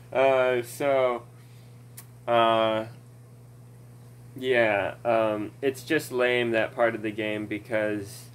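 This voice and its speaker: A man's voice: medium pitch, flat delivery, drawn-out words, pauses often, clear, resonant tone, low-quality recording. A man ranting casually about a video game, rambling and swearing, with many fillers and laughs, recorded at home on a desk mic. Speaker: gaming commentator.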